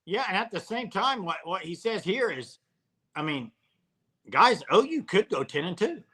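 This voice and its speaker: A man hosting a live sports talk show, relaxed and conversational, speaking to the chat. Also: sits high, moderate pace, husky. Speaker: host.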